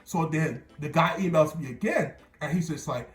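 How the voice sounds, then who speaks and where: A man's voice: on the high side, normal speed, roomy sound, faint music behind. A young man from New Jersey telling a casual story to his viewers, rambling and slangy, often restarting and repeating words.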